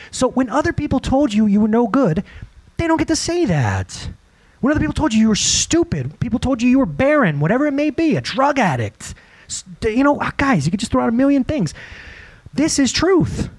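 A man preaching with a high, husky voice that swoops up and down. He talks straight to the congregation, asks them questions again and again, and breaks into acted-out quotes. It is a lively sermon delivered in a church hall. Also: a little fast. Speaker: pastor.

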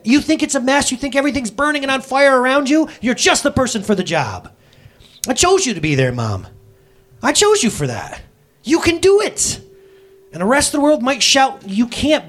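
Animated, husky-voiced male preacher. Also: high voice. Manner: animated, exclamatory, acts out God's voice. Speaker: pastor. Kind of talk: energetic sermon.

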